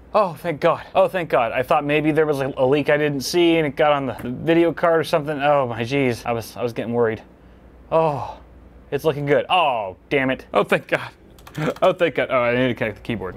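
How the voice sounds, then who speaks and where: A man's voice: a little high, normal speed. Chatty tech vlogger man, talking to himself. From United States. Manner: chatty, self-talking, jokey, swings between loud excitement and muttering. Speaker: tech YouTuber. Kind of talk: casual vlog narration while working. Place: small studio office.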